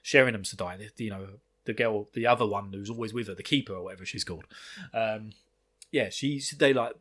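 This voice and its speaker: A man's voice: lowish voice, a bit bright. A man hosting a podcast, recapping a book chapter in casual chat, rambling and laughing, with the odd swear. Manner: rambling, laughing, swearing, quick acted quotes. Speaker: podcast host.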